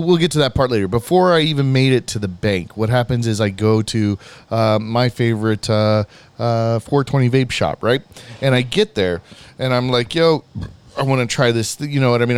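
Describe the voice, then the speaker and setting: A young man hosting a podcast, telling a rambling story about his day with lots of swearing and animated retelling. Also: medium pitch, smooth, no room sound. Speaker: podcast host. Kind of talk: casual storytelling chat.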